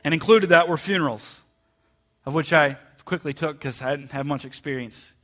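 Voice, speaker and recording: A man preaching a heartfelt sermon in a church, often repeating words and dropping to a soft voice for quoted lines. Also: on the high side, normal speed. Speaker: pastor. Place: church sanctuary.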